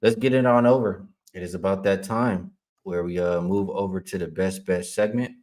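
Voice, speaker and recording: A man's voice: low voice, steady tone, normal speed, a little mellow. A man hosting a sports betting livestream, casually reading viewer chat aloud and answering it. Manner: casual, heated when ranting at a chat troll; laughs often while reading comments. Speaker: sports betting show host.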